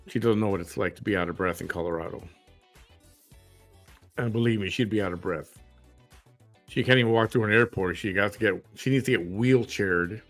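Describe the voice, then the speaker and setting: A man's voice: low voice, fairly bright tone. A man hosting a reaction commentary show, sarcastic and mocking.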